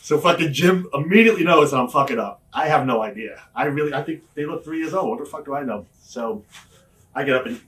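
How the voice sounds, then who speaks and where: A man's voice: medium pitch, expressive, fast talker, a bit bright, far from the mic. A man telling wrestling stories in an interview, swearing often and laughing through his anecdotes. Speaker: wrestler guest. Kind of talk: storytelling shoot interview.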